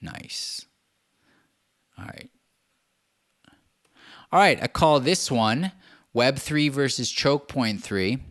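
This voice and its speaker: A man's voice: mid-range voice, animated, a little slow, a bit bright. A man hosting his own show, ranting in casual, profane, sarcastic commentary and laughing as he talks. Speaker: podcast host.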